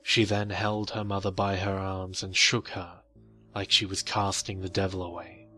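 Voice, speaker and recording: A man reading a horror story in slow, measured scripted narration. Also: deep voice, flat delivery, sharp tone, soft background music.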